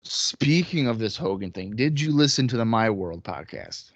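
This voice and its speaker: A man's voice: on the low side, very animated, normal speed, no room sound, highs cut off. A man co-hosting a wrestling podcast in casual chat, blunt and jokey, swearing as he rants. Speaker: podcast co-host.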